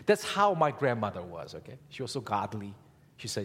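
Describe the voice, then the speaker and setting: A male pastor with a slightly husky voice preaches to his congregation, his pitch rising and falling in a lively way. He keeps asking the room rhetorical questions. His words ring out with the long reverb of a large church hall. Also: fairly quick. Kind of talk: sermon.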